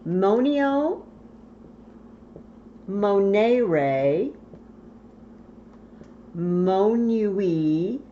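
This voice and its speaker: A woman's voice: mid-range voice, a little mellow. A woman teaching a recorded Latin lesson, patiently repeating verb forms and spelling out endings. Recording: dull lo-fi audio with faint hiss.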